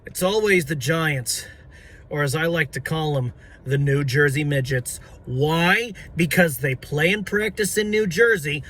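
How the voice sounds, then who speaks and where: A man ranting to camera as a football fan, brash and swearing, with a hoarse voice that is giving out. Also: on the high side, a little slow, fairly bright tone. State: hoarse, voice going out. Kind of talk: profane fan rant to camera.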